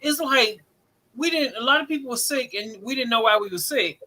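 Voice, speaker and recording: Lively bright-voiced woman. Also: fairly high pitch, fairly quick. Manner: lively, laughing easily. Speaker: co-host. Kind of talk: casual chat.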